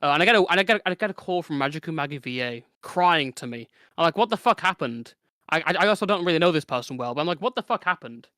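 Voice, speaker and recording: A young man with a high, bright and crisp voice rambles quickly through a story. He stumbles over his words and restarts often. The recording is dry and close. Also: expressive, no room sound. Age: teens. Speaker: guest. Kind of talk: casual chat.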